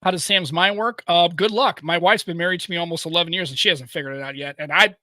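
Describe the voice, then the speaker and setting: A man's voice: sits high, fast talker, sharp tone, no echo. An American man in his thirties co-hosting a podcast, chatting loosely, joking and swearing freely. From United States. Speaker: podcast co-host. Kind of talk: casual chat.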